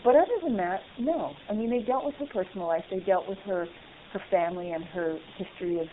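A woman being interviewed about her acting work, talking in an animated, chatty way with frequent laughter. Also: mid-range voice, quick pace. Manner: animated, laughs often, restarts. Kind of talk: casual interview chat. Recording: tinny phone-like line with faint hiss.

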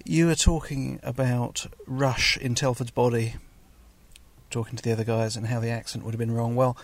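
A man's voice: medium pitch, little pitch movement, moderate pace. A man leaving a casual, argumentative voicemail comment for a podcast. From England. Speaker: caller.

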